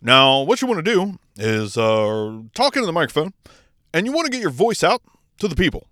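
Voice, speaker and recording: A man's voice: a little high, very animated, fairly quick, bright, forceful tone, no echo, clean studio sound, voice pushed up. A man doing a rousing political orator. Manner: rallying, emphatic speechmaker cadence. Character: man giving a grand political speech.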